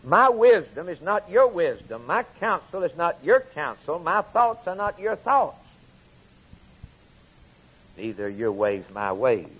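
A man delivers a sermon with a husky, somewhat high voice. He hammers phrases again and again, letting his voice rise for emphasis and then sink low. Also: sing-song, a little slow, fairly bright tone, poor audio. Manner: repetitive emphatic preaching cadence, rising and falling. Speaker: preacher.

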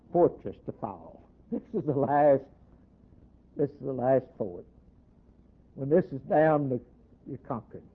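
A man preaching a sermon with a slightly high voice, working in waves that climb loud and then sink almost to a hush. He quotes scripture in old-fashioned wording. The sound is thin and narrow, like it came over a phone line. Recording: tinny phone-like recording.

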